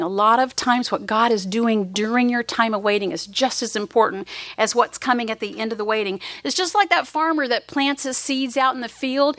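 Woman preacher, higher-pitched, earnest and emphatic, dry close sound. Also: fairly bright tone, dry recording. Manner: earnest, emphatic storytelling with rising quoted cries. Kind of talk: sermon.

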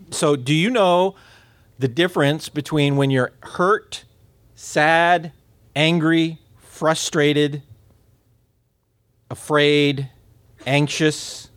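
Lively male instructor, dry close sound. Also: mid-range voice, no echo. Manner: lively, asks the class questions, laughs often; repeats words as he restarts. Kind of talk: classroom lecture on communication.

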